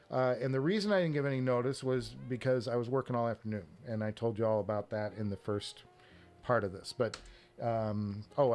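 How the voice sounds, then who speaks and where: A man hosting a casual live stream, rambling with restarts and short laughs as he talks about headphones and reads the chat. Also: medium pitch.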